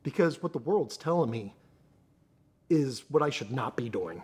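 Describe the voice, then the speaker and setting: A man's voice: medium pitch, lively intonation, moderate pace, a little mellow, husky. A man speaking earnestly as a guest in an interview, often restarting his sentences as he searches for words. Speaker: podcast guest. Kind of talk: candid conversational interview.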